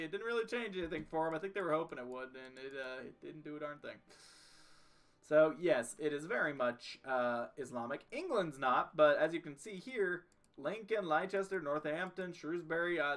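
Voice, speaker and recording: A man's voice: a little high, bright, forceful tone. A young man casually commenting on his strategy game as he plays, joking and talking to himself and the game. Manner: jokey, talks to himself and the game. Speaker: streamer playing a strategy game.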